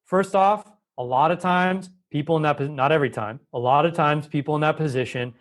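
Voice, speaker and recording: A man's voice: fairly high pitch, a little fast. Emphatic man explaining health topics. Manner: emphatic, explanatory, shifts pace often. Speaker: Ayurvedic doctor, guest. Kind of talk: conversational interview.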